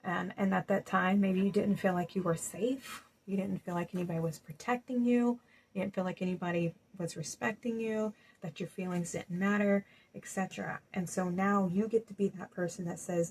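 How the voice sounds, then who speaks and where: A woman giving a gentle spiritual reading to viewers, reassuring and casual, with many "you know"s. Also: medium pitch, steady tone, moderate pace, husky, low-quality recording. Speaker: spiritual card reader. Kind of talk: intuitive tarot-style reading to viewers.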